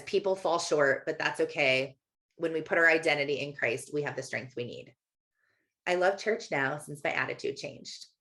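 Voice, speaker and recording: A woman's voice: low voice, a bit bright. A woman in her thirties, a Christian life coach, giving a faith-based motivational talk in a conversational, storytelling way.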